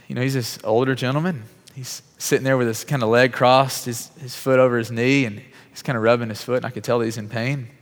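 A man telling a testimony in a sermon, casual and conversational, acting out the people in his story. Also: mid-range voice. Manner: lively storyteller who acts out quoted dialogue; conversational, casual fillers like "like" and "bro". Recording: long reverb of a large hall.

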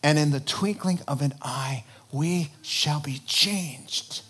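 In a slow, husky voice of medium pitch, a preacher gives an animated sermon about end-times prophecy. He cracks jokes, poses questions to the congregation, and performs the voices of the people he quotes.

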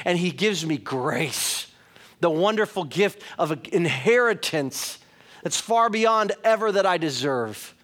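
A man's voice: sits high, animated, a little slow, fairly bright tone. A middle-aged man preaching a sermon as a pastor, earnest and talking straight to his listeners, at times turning emphatic. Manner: earnest, rising to emphatic, uses direct address.

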